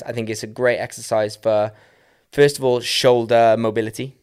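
A man hosting a relaxed podcast and coaching listeners through dancer workouts one step at a time. His pitch sits in an ordinary middle range. He talks in a chatty way, full of loose fillers. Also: normal speed, smooth. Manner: instructional, walking through exercises step by step. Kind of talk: casual podcast chat.

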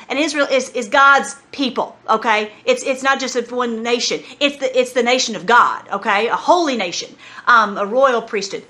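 A woman's voice: on the high side, normal speed, sharp tone. A woman teaching from the Bible, mixing fervent prayer with chatty commentary. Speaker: Christian teacher.

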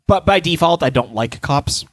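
A man's voice: on the high side, normal speed, dry recording, rough recording. A man in casual podcast chat, telling stories in a heated, profane way and acting out what others said. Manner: profane, animated storytelling with shouted re-enactments.

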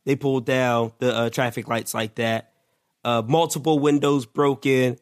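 A man co-hosting a casual podcast, his voice hoarse from yelling, riffing playfully with drawn-out wordplay. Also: mid-range voice, steady tone. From Philadelphia area. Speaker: podcast co-host. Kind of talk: casual chat.

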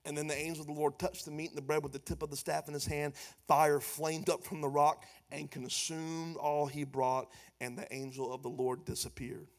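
A man's voice: fairly high pitch, normal speed. A man preaching a sermon as pastor, emphatic and conversational. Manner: animated, loud and emphatic, then quieter and conversational.

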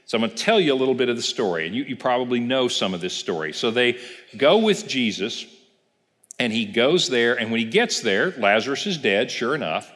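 A man's voice: mid-range voice, lively intonation, a little fast, a bit bright. A man pastor giving a casual Bible class, telling the story and asking the class questions. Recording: reverberant church hall.

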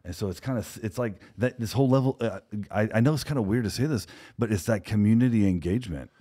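A man's voice: lowish voice, fast, mellow. A man who co-owns a security company, telling a story in conversation and acting out the dialogue of the people in it.

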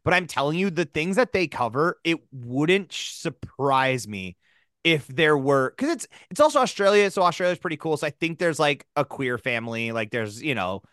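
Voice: mid-range voice, big pitch swings, moderate pace, fairly bright tone, no room sound, clean studio sound. A podcast co-host in casual chat, rambling and cutting themselves off, often laughing mid-sentence. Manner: rambling, self-interrupting, laughs while talking.

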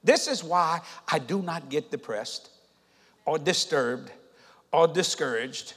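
High-voiced preacher in a reverberant hall. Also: male voice, slow pace, slightly rough. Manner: swings from low murmurs to shouted exhortations. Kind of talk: sermon.

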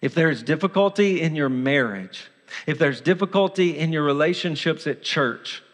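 A man's voice: a little high, a bit bright. Earnest preaching man in reverberant church hall. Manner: earnest preaching, dramatizing the voice of sin. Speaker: pastor. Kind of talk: sermon. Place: church sanctuary.

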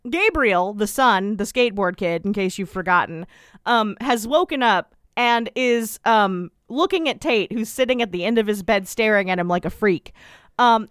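Woman, podcast co-host, casual recap, rambling, wry, smooth voice, dry close sound. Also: fairly high pitch, fairly bright tone, no echo. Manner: rambling, filler-heavy, wry retelling.

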